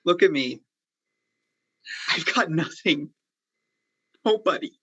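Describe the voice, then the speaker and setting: A man's voice: a little high, expressive, takes it slowly, husky, dull audio, exaggerated voice. A man playing Konstantin, a lovesick young playwright, in a virtual play reading; he stammers and pleads. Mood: pleading. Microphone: video call.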